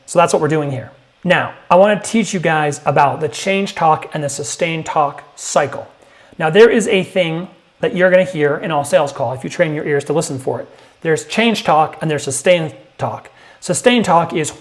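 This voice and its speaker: A man teaching sales technique to camera, emphatic and punchy, now and then acting out prospects in a higher voice. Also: normal speed. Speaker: sales coach. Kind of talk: direct-to-camera sales lesson.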